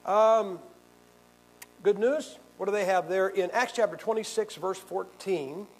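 Preacher guy with a higher voice, quizzing his class, sarcastic and punchy. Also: a little slow, poor audio. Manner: combative, sarcastic, quizzes the audience. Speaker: pastor. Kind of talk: bible teaching to a class.

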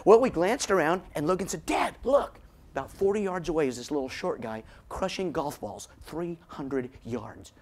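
A middle-aged man, giving a storytelling keynote as a motivational speaker, animated and slowing down for dramatic effect. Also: a little high.

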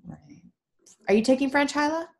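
A woman's voice: high voice, animated, normal speed, darkish tone. A young woman who teaches a reading class online, in an upbeat, chatty and encouraging way over a video call. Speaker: reading tutor. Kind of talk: casual online class talk.

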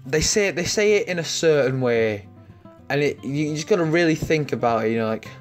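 Young guy, sarcastic reaction commentary, kinda high voice, swears a lot, faint music behind. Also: animated, brisk. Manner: mock-outraged, swearing, ironic. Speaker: comedy commentator.

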